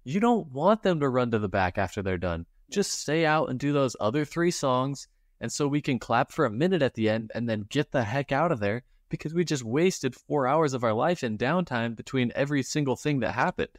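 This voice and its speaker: A man's voice: mid-range voice, animated, a little fast, no echo, studio quality. A man co-hosting a podcast in casual chat, ranting in an exasperated way and mimicking hype-man voices. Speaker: podcast co-host.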